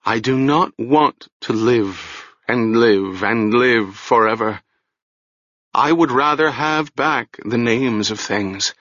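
A man voicing a ragged, half-mad old woman with a hoarse, shrill voice and a rambling, fearful way of speaking. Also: slow, a bit bright, no room sound, lo-fi sound. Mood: wild, awed.

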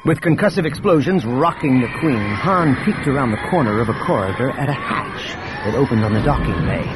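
A man narrating an audiobook in a steady, expressive reading. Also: mid-range voice, brisk, noisy background. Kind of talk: scripted narration.

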